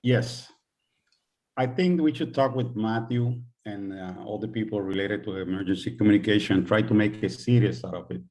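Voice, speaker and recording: A man's voice: fairly low pitch, normal speed, a little mellow. A man making an earnest comment on a video call, with loosely built sentences. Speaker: caller. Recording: voice far from the mic.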